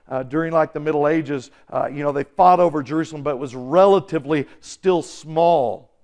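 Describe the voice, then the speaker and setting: Man, pastor, high-pitched, excitable sermon, playful voices. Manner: excitable, acts out voices, shouts and laughs. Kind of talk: animated sermon.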